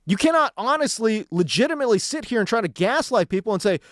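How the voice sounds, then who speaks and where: Exasperated sports radio host ranting. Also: male voice, high voice, sing-song, fast talker, few pauses, a bit bright, no room sound, clean studio sound. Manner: heated, exasperated, emphatic repetition. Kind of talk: sports talk radio rant.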